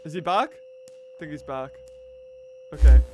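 A man commentating a horror video game, jumpy and loud, yelping, laughing and talking to the characters. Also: on the high side, unhurried, noisy background. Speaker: gaming video host.

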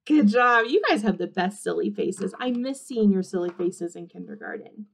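A woman kindergarten teacher reading an interactive movement book aloud to young children, animated and encouraging in a sing-song voice. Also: mid-range voice, moderate pace, creaky.

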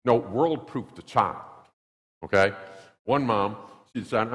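A male pastor preaching a sermon in a church, emphatic and animated, acting out little scenes. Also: on the low side, normal speed, big-room sound. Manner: animated, acts out quotes, emphatic repetition. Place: church sanctuary.

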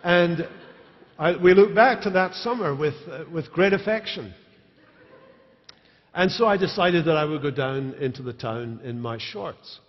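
Male pastor, fairly high voice, dry wit, sermon in a reverberant church, dull stream sound. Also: expressive, a little slow. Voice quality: storytelling, dry humor. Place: large church sanctuary.

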